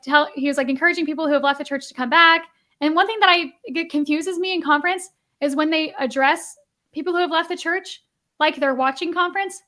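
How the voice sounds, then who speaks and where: A woman's voice: sits high, fairly bright tone. A woman co-host telling a story in casual podcast chat, rambling with many restarts. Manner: rambling, lots of likes and restarts.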